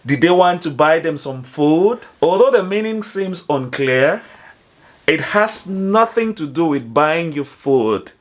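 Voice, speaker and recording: A man explaining phrases to foreigners in a slow, careful teaching manner, spelling out each example. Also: a little high. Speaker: language teacher.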